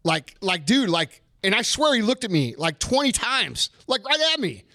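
Brief: high-voiced man in his thirties, profane heated rant, bone-dry close sound. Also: sing-song, moderate pace, sharp tone, no room sound. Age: 30s. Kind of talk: casual chat.

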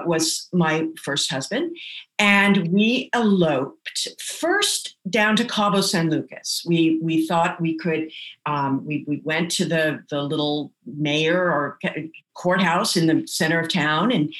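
A woman telling personal stories in a lively, casual way, acting out the voices of the people she quotes. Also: lowish voice. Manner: animated, acts out quoted voices. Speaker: guest. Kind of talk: casual anecdotal storytelling. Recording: roomy echo.

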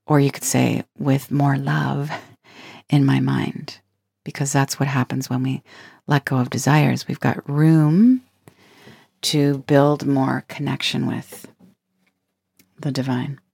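Woman, low voice, spiritual self-help talk, earnest yet playful, dry sound. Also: steady tone, slow pace, vocal fry, long pauses, darkish tone, breathy edge, no echo. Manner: earnest, playful, laughs between points. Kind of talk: reflective spoken talk.

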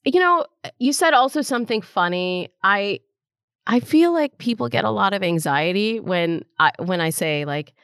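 A woman's voice: medium pitch, expressive, normal speed, fairly bright tone, clean tone, no room sound, studio quality. A woman hosting a podcast in casual conversation, chatty with lots of fillers and easy laughter. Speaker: podcast host.

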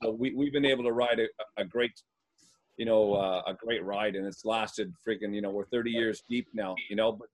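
A man's voice: lowish voice, fairly quick. A man from North America, a former hockey player, telling stories in a rambling, filler-heavy way. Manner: rambling, lots of fillers, animated. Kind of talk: casual storytelling.

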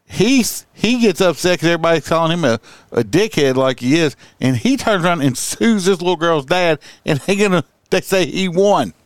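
A man's voice: fairly high pitch, lively intonation, normal speed, no echo, clean studio sound. A middle-aged man hosting a podcast, telling stories in heated, profane banter. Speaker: podcast host. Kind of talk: casual banter.

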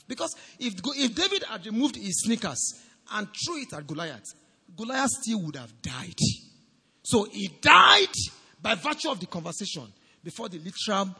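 A man preaching a sermon as pastor, swinging from shouts to low, quiet lines. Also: slightly rough, long reverb tail. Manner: animated preaching, rising to shouts and dropping low.

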